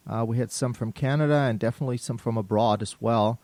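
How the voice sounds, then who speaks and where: A man with a German accent hosting a business radio show, talking in a relaxed way with many fillers. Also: mid-range voice, quick pace, no echo. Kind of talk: casual radio talk. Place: radio studio.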